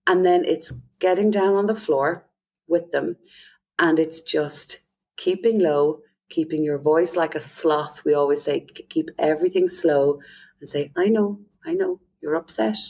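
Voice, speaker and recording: Lower-voiced Irish woman coaching parents. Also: a little slow. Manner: lively, often acts out quoted parents and children. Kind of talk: podcast interview, explaining advice.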